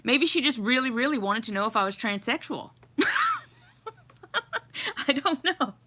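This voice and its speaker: A middle-aged woman hosts a casual livestream from her home by a fireplace, giggling often as she warmly greets viewers and reads out their comments. Her voice is a little high with lively intonation, and she chats at a normal speed.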